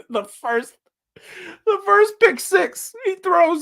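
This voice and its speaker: Excitable man reacting on a livestream. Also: very high-pitched, very slow, gravelly, pauses often. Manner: excitable, breaks into laughter and shouting; talks back at the screen. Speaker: livestream host.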